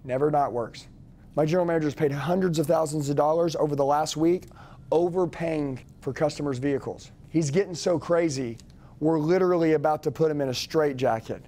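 A man with a somewhat raised voice coaches a room of salespeople. He talks in a forceful, commanding way and hammers home each phrase by repeating it. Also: a little high, fairly quick. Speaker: sales trainer. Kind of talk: energetic live sales training.

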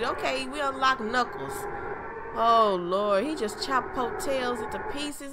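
A woman streamer gives excitable, cursing commentary while playing a horror game. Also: high voice, unhurried, noisy background. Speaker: gameplay streamer. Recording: loud game music behind the voice.

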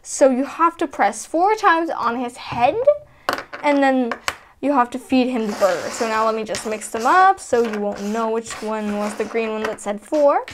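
Excitable toddler girl dolls squabble their way through a game, voiced by a woman. The voice sits very high and leaps wildly up and down, stretching words out slowly. A faint hiss runs under the recording. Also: close to an everyday voice. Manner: high, excitable, squealing when upset. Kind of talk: doll play narration.

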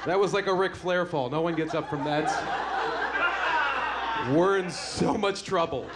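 A man in his thirties doing stand-up with a dry, deadpan delivery. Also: on the high side, unhurried, over a noisy crowd. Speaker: stand-up comedian. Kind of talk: stand-up routine. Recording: live club with loud audience and noise.

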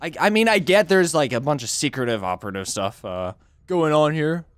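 A man's voice: on the high side, lively intonation, fairly quick, no room sound. A man hosting a let's play with casual gameplay commentary, swearing and shifting into odd, playful inflections.

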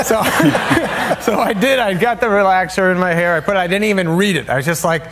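A man's voice: high-pitched, lively intonation, brisk, hardly any pauses, fairly bright tone, slight background noise. Talk show guest, man, stammering storyteller; played-back clip with audience. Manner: rambling, laughs through his own stories, stammering restarts. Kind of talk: comic anecdote telling.

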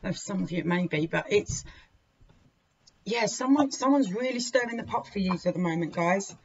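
A woman's voice: medium pitch, expressive, normal speed, husky. Frank, swearing woman tarot reader. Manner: frank, indignant, swears freely; emphatic, with sudden loud outbursts. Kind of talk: weekly tarot reading to viewers. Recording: dull lo-fi recording with faint hiss.

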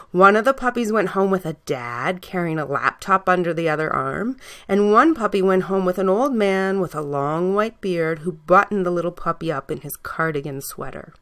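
A woman reading a bedtime story aloud in a gentle, soft-spoken way. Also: lowish voice.

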